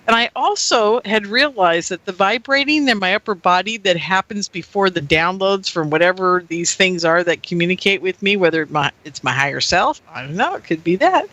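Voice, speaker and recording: A woman radio host talking in a rambling, animated way, laughing often as she speaks to her listeners. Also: medium pitch, a little fast, dry recording, low-quality recording. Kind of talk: casual personal monologue.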